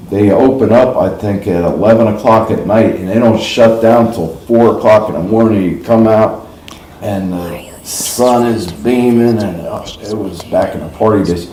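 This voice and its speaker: A man's voice: fairly low pitch, measured pace, dark tone, slight background noise. A middle-aged man from the New York area, hosting a livestream and telling rambling stories in a casual, folksy way. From New York / New Jersey. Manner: chatty, folksy, laughs at his own stories. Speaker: livestream host. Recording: roomy echo.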